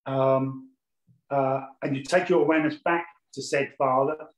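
A man's voice: medium pitch, fairly even intonation, measured pace, reverberant, dull audio. A man teaching a class on mediumship, explaining his points patiently and repeating key phrases for emphasis. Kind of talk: lecture on mediumship.

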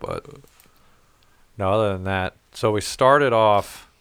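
A man's voice: fairly low pitch, takes it slowly, creaky, a bit bright, smooth, no echo. A man telling a long story in casual, profane chat, rambling and acting out what other people said. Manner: profane, rambling, acts out quoted voices.

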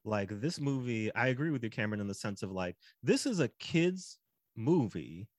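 A man hosting a podcast, talking through a film in a relaxed, rambling way with lots of "like". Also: mid-range voice, moderate pace, no echo, clean studio sound. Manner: relaxed and rambling, heavy use of "like". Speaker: podcast host. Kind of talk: casual film discussion.

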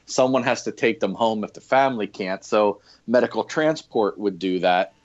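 A man's voice: on the low side, moderate pace. Laid-back man telling stories over lo-fi audio. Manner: rambling, laughing anecdotes with many fillers. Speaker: podcast guest, former historic fort coordinator and EMT. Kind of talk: casual interview storytelling. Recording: dull lo-fi remote audio.

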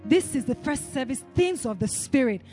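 Brief: woman pastor, high voice, call-and-response preaching, faint music behind. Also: lively intonation, normal speed. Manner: rising to shouted declarations. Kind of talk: sermon.

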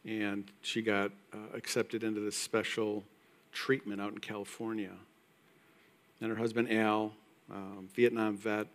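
A man preaching a sermon in a church, conversational and emphatic with quiet asides. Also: on the low side. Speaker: pastor. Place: church sanctuary.

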